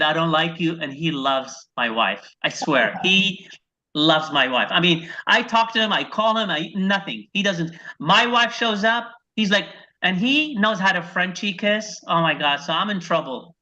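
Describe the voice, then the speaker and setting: A man from Iraq doing a stand-up set over a video call, telling deadpan one-liners and acting out his wife and his dog. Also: sits high, normal speed. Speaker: stand-up comedian. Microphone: video call microphone. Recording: dull lo-fi video call audio.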